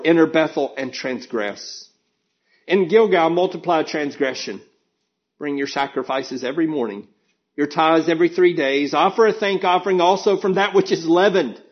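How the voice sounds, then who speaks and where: A man's voice: a little high, muffled recording. A man preaching a sermon, earnest and emphatic, reading scripture aloud and pressing his points.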